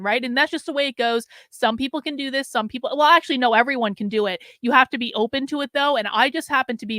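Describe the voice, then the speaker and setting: A middle-aged woman hosting her own show, talking casually and rambling in an exasperated way, sounding drained and low on energy. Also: fairly bright tone, no room sound, studio quality. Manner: rambling and exasperated, heavy on fillers. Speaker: host. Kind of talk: casual solo commentary.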